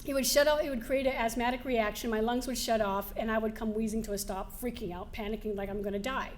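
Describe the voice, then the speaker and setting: A woman giving a keynote speech to a live audience, telling lively personal stories, laughing now and then and acting out the scenes. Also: on the high side, fast, slight background noise. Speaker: motivational speaker. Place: event hall before a live audience.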